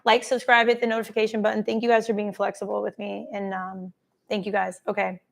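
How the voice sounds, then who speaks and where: A woman's voice: mid-range voice, level tone, fast, gravelly. A woman hosting a casual live stream, effusively reading and thanking viewers' comments by name. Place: travelling, streaming from a holiday spot.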